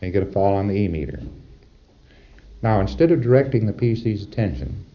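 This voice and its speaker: A deep-voiced man gives an emphatic, rhetorical lecture, frequently checking in with his listeners. His intonation is lively and his pace a bit fast, while the dull, lo-fi sound recalls a 1960s lecture tape.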